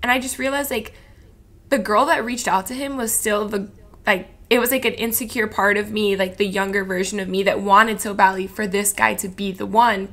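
A woman's voice: medium pitch, fairly even intonation, normal speed, a bit bright. A woman in her twenties from Florida, a podcast guest in a candid chat, rambling and emotional with lots of "like". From Florida, USA. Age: 20s. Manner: rambling and emotional, heavy use of "like".

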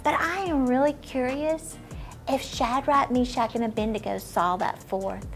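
Animated woman telling a children's Bible story. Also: high-pitched, a little slow, faint music behind. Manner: animated, dropping to whispers for emphasis. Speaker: children's ministry teacher.

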